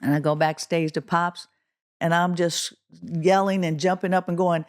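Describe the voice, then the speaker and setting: A middle-aged woman from Oakland, California, a guest musician telling a story in an interview, acting out the quotes with a rising voice. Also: normal speed. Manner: animated, acts out quotes with rising pitch.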